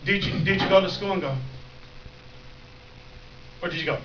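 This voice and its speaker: A man preaching a youth sermon in a lively, animated way. He often acts out excited voices and often raises them to shouts. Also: a little high, a little fast, long pauses. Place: church youth room. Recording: dull echoey room recording from a distance, noisy.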